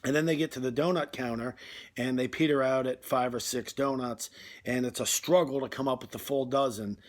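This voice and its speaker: A man's voice: medium pitch, fairly even intonation, brisk. A man delivering a rambling, conversational comic monologue, full of fillers. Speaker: comedy video host.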